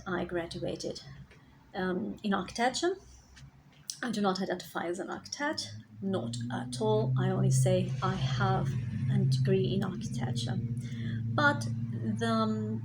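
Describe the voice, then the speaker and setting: A woman speaks in a slow, unhurried way as a spiritual healer sharing her own journey. Her mid-range voice carries a gravelly edge, and she often softens into a near whisper. Faint hiss sits under the recording. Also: mid-range voice. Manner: reflective, slow, sometimes drops to a whisper. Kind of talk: personal storytelling vlog.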